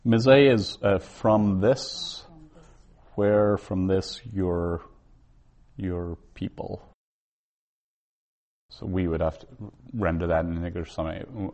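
Guy teaching bible hebrew, goes word by word really slow, kinda muffled lo-fi sound. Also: low-pitched, fairly even intonation, darkish tone. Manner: slow, deliberate, word-by-word explaining. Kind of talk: Bible language class. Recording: dull lo-fi recording.

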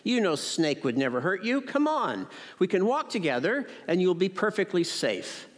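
A man reading as a calm kind hedgehog. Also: high voice, moderate pace. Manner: reassuring, storybook read-aloud. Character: kind sensible male hedgehog, calm leader. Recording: echoey church hall.

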